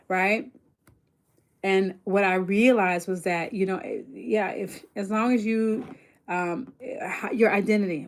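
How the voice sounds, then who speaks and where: Chatty, rambling woman livestreamer. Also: fairly low pitch. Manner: chatty and rambling, many fillers, turns excited and emphatic. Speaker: online business coach hosting a livestream. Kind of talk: casual livestream talk.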